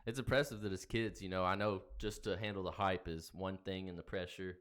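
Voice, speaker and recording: A man with a low, smooth, clear voice, talking in a relaxed podcast chat. He gets excitable and loud when he cheers. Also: brisk. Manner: excitable, cheers loudly at races. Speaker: podcast co-host. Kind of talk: casual chat.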